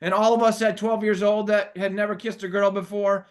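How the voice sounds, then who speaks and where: A man's voice: sits high, flat delivery, a little fast. A middle-aged man hosting an interview, reminiscing and prompting guests in a friendly, casual way. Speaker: host.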